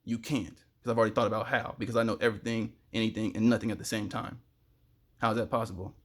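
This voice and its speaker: Young guy, lowish voice, sweaty and hyped, preaching fast at the camera with loud outbursts. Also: little pitch movement. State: sweating in the heat. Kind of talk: rambling spiritual monologue to camera.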